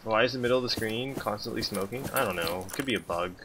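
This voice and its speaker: A man's voice: fairly low pitch, quick pace, noisy background. A man giving loose, joking let's-play commentary while he plays. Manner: rambling, joking asides. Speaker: gamer. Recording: loud game sounds behind.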